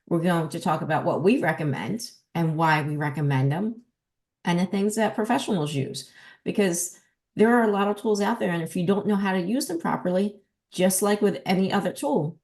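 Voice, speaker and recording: Woman, New Jersey accent, dog trainer podcast host, lower voice, emphatic teacher. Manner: emphatic, lively teaching delivery. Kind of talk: casual podcast talk.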